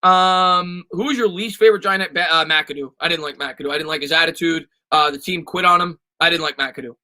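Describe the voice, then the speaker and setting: A man's voice: a little high, brisk, bright, forceful tone, low-quality recording. A man hosting a casual live sports stream, reading viewer questions aloud and answering with lots of fillers and restarts.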